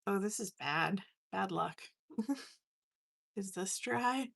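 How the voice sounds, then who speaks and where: A woman's voice: mid-range voice, slow, vocal fry, fairly bright tone. A young woman chatting casually while painting on a live stream, laughing often and poking fun at herself. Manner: chatty, laughing, self-mocking. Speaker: watercolor artist streaming live.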